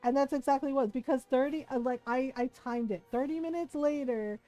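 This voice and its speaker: A woman's voice: high voice, fairly quick, warm tone, lo-fi sound, faint music behind. A middle-aged woman streamer chatting casually while gaming, laughing often and swearing freely.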